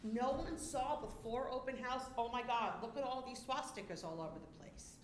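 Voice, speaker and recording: Woman, tearful parent at a public meeting, indignant and emotional, fairly high voice, echoey room, faint hum. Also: normal speed. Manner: emotional, indignant, voice rising and cracking. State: upset, on the verge of tears. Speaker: parent speaking at public comment. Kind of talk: public comment at a school board meeting. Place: school board meeting room.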